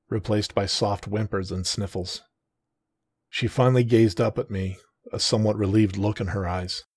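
A man reading a first-person romance story aloud in a soft, tender, measured way. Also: lowish voice, breathy edge, dry recording, clean studio sound. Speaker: narrator.

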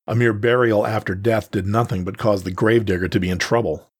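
A man narrating a first-person story in a steady, measured way. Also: fairly low pitch, slightly rough, dry recording, clean studio sound.

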